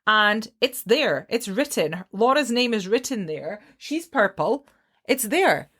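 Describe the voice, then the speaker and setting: A Scottish woman co-hosting a podcast, chatting casually in an animated, self-mocking way and laughing as she talks. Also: medium pitch, slow pace. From Scotland. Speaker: podcast co-host. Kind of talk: casual chat.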